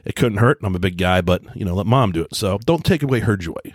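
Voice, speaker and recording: A man's voice: sits low, animated, quick pace, dry recording, studio quality. A man telling a long story casually on his own show, rambling and earnest, often repeating himself. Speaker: podcast host.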